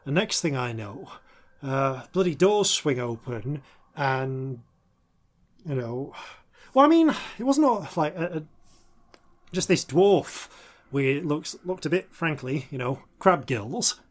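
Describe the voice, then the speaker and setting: Brief: man playing a rambling, higher-pitched fifties cleaner woman, flustered and chatty. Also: very animated, slow pace, full character voice. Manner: rambling, full of hesitations.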